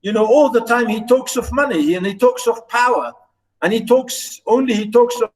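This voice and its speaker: A man's voice: extremely high pitch, normal speed, recorded from a distance, poor audio. A man lecturing on literature, who repeats and restarts phrases as he explains and points out British pronunciation.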